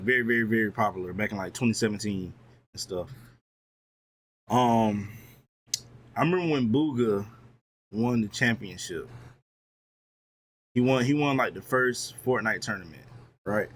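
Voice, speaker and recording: A man's voice: lowish voice, a bit bright, breathy edge. A young man streaming, talking earnestly and from the heart in a casual motivational chat, full of "like" and "bro".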